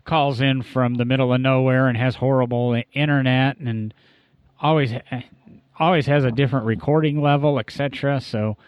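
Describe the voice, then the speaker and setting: A man's voice: mid-range voice, clear, resonant tone, no room sound, muffled recording. A man hosting a casual car podcast, talking in a rambling, easygoing way with frequent self-corrections. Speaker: podcast host.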